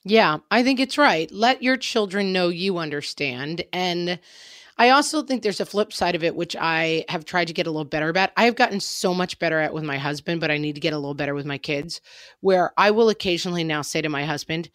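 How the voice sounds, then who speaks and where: A woman co-hosts a podcast in a casual, conversational way, and her voice sits slightly low. She keeps a wry, self-mocking humor running through her talk. The recording is dry and close. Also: fairly quick, a bit bright, no room sound. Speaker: podcast co-host.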